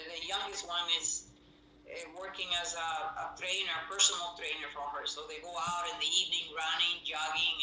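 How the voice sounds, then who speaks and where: A woman telling a family story in casual chat, animated and indignant. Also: on the low side, echoey room, poor audio. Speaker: podcast co-host.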